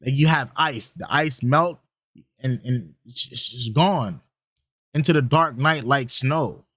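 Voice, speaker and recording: A man's voice: medium pitch, slow pace, fairly bright tone. A young man talks his way through a reaction, repeating phrases back and circling around his thoughts with slang and restarts. His voice sits in an ordinary middle range. The sound is dry, with no room echo. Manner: rambling, repeats lines back and muses on them; slangy, many fillers and restarts. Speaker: reaction channel host. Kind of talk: casual reaction commentary.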